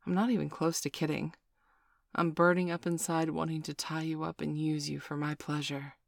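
A woman narrates a first-person romantic story in a measured, intimate way. Her voice has a gravelly, creaky edge, and the sound is close and dry with no room around it. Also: sits low, flat delivery, no echo.

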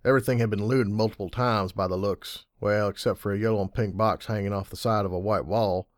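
A man's voice: fairly low pitch, steady tone, brisk, dry recording. Man reading a story, dry and wry. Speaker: audiobook reader. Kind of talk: reading fan fiction aloud.

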